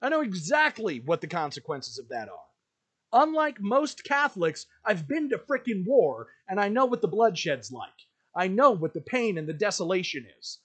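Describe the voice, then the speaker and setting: A man's voice: high voice, sing-song, moderate pace, a bit bright. A man hosting a podcast, delivering an emphatic, ranting monologue with lots of repetition. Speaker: podcast host.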